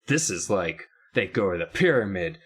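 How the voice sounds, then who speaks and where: A man co-hosting a podcast, reviewing a book in casual chat, rambling and emphatic, getting animated when he complains. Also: deep voice, normal speed, breathy edge. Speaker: podcast co-host.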